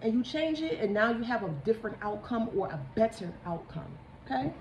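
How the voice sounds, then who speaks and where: A woman's voice: on the high side, animated, fairly quick, distant mic, muffled recording. A woman giving a casual tarot reading, with a frank, emphatic, preachy way of talking and the odd swear word. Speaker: tarot reader. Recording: echoey room, voice off-mic, faint hiss.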